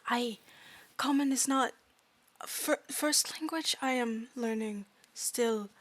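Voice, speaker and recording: A woman voicing a small, timid fairy student who speaks in broken, halting grammar and often drops to a whisper. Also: on the high side, no echo. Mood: earnest. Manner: broken grammar, dropped articles, hesitant. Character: tiny timid fairy student, earnest, new to language. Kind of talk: tabletop role-play.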